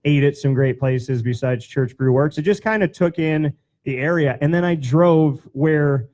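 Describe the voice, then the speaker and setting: A man's voice: fairly high pitch, normal speed. A man hosting an interview show, chatting casually and telling long, rambling stories. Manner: chatty, animated storyteller, rambling. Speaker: show host.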